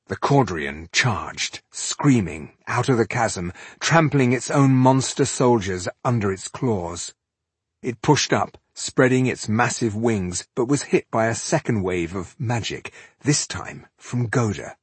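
A man with a mid-range, slightly rough voice narrates a fantasy novel as an audiobook, keeping his storytelling steady and measured. The recording is dry.

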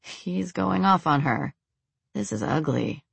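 A woman voicing a relaxed, teasing young man in a storybook reading, her voice dropped slightly lower. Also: slow pace, vocal fry, breathy edge, dry recording, exaggerated voice. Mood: easygoing.

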